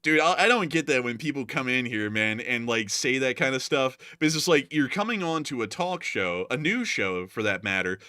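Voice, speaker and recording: A man's voice: mid-range voice, moderate pace, hardly any pauses, dry recording, clean studio sound. A man hosting a live news stream, reading super chats and answering them in a rambling, joking way. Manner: rambling, jokey, animated. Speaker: host.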